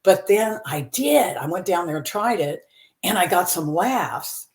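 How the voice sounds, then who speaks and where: A woman's voice: on the low side, expressive, unhurried. A woman in her seventies from Texas, a comedian talking openly about her life as a podcast guest, laughing often and using many fillers. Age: 70s. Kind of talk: candid personal storytelling.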